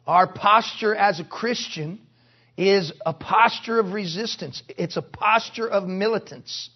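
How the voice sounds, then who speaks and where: A man preaching at a conference in a strikingly high, husky voice. He drives his points hard but breaks into wry jokes along the way. The recording sounds dull and lo-fi. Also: fairly even intonation, measured pace. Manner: forceful preaching with joking asides. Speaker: pastor. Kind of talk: sermon. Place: conference hall.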